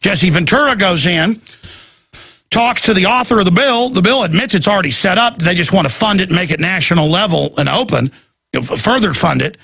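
A middle-aged man hosting a talk radio show, ranting rapidly and with great passion. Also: high voice, expressive, vocal fry, fairly bright tone, slightly rough, no room sound, faint music behind.

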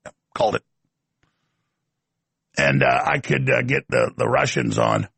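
A man's voice: medium pitch, sing-song, measured pace, gravelly, fairly bright tone, slightly rough, dry recording. A man hosting a political talk show, delivering an emphatic, ranting monologue with sardonic asides.

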